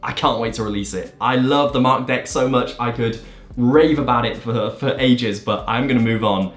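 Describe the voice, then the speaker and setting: A man's voice: mid-range voice, normal speed, faint music behind. A man, a magician hosting a video, answering viewer questions in an enthusiastic, emphatic way. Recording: roomy echo.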